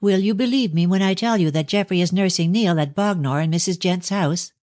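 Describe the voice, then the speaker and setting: A man's voice: high voice, a little fast, darkish tone, dry recording, studio quality, pitched above the performer's own voice, close to an everyday voice. A man voicing an anxious young Victorian daughter who pleads earnestly with her father in an audiobook. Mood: indignant. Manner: pleading, raised and earnest delivery. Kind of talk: audiobook reading of a novel.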